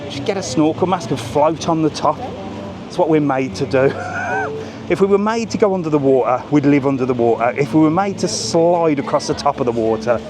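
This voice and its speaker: A man's voice: fairly high pitch, expressive, brisk, background noise. A British man walking along a busy seafront strip at night, filming a live travel vlog on a small handheld camera, chatting and cracking cheeky jokes with light swearing. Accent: British English. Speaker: travel vlogger. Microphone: small camera carried while walking. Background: street music.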